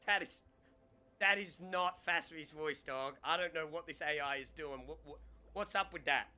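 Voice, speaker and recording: Excitable young man, bright high voice. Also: moderate pace. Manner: excitable, stammers and restarts words. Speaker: streamer. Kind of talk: casual live-stream chat.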